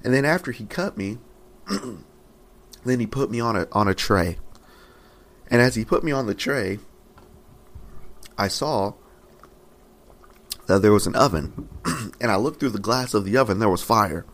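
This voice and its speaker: Young man doing a talking clay cup, suffering, pleading, repetitive anguished questions, lowish voice. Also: expressive, a little slow, long pauses. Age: 20s.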